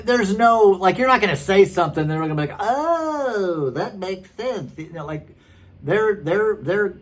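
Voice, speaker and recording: A man in his thirties, a former pastor, telling his story casually and rambling with many fillers. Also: medium pitch. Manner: chatty and rambling, many fillers and restarts, frequent laughs.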